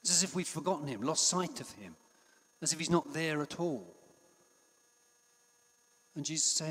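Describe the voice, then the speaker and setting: A man preaching a sermon in a conversational way, with frequent restarts and passages that drop to a hush. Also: fairly high pitch, animated, moderate pace, pauses often. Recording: long hall reverb.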